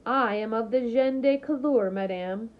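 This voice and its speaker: A woman voicing a proud, composed young woman who speaks calmly and with dignity, in a muffled lo-fi recording. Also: a little high, natural voice. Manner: calm, dignified, measured.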